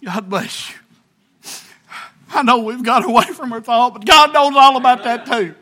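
A man, preaching a sermon, telling a folksy story that builds into shouted preaching. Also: very high voice, normal speed. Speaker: pastor.

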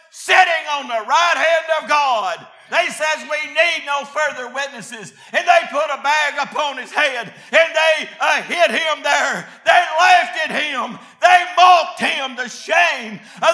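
A man preaching a revival sermon, often shouting, then dropping to quiet asides, with many filler "uh"s. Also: very high-pitched, reverberant.

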